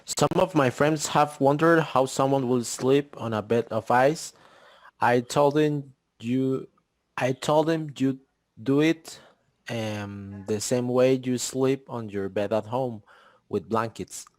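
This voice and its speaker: A man student reading aloud hesitantly in an English class, repeating words and pausing on fillers. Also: medium pitch, darkish tone, dry recording.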